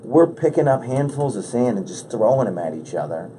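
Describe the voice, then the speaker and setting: A man hosts a casual podcast chat from a radio studio room, his voice warm and mellow. He rambles through animated stories with plenty of false starts, over a faint hiss of background noise. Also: mid-range voice, a little fast. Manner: rambling, animated storytelling with many restarts. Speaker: podcast host.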